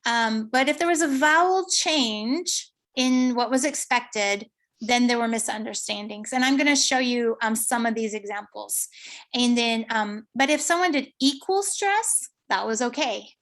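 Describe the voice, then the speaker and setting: A woman researcher with a fairly bright voice on the high side gives an academic conference presentation. She explains her findings step by step, pausing often and using fillers.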